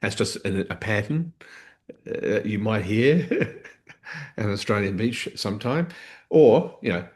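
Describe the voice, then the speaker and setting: Deep-voiced guy teaching a coaching class, talks it through, lots of restarts and "right?". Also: animated, slow. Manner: explanatory, repeats and restarts phrases, checks in with "okay?" and "right?". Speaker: NLP coach and trainer. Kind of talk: live coaching session.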